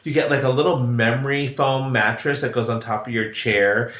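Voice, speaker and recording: A man's voice: mid-range voice, fairly even intonation, normal speed, fairly bright tone, reverberant. A man co-hosting a podcast, chatting casually and rambling with frequent laughs. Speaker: podcast co-host. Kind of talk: casual chat.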